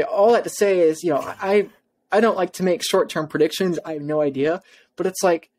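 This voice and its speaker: A man speaking as a podcast guest, emphatic and insistent, stumbling over his words in his rush to make his point. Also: sits high. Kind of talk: podcast interview talk.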